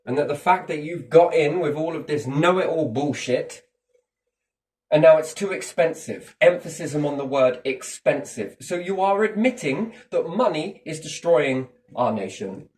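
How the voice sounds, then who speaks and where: A man's voice: fairly high pitch, animated, a little slow, a little mellow, recorded from a distance, low-quality recording. A man giving rambling, opinionated views in casual chat, with restarts and the odd swear.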